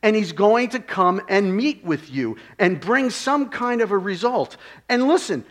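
A man delivers a sermon in a fairly high voice. He moves from loud, excited exclamations to hushed, near-whispered lines. He keeps it conversational, throwing rhetorical questions straight at his listeners. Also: a little slow. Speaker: preacher.

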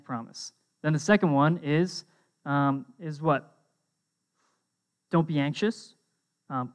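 Young guy preaching, chatty and animated, bit of a higher voice, lots of "right?". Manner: animated storytelling. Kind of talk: casual sermon.

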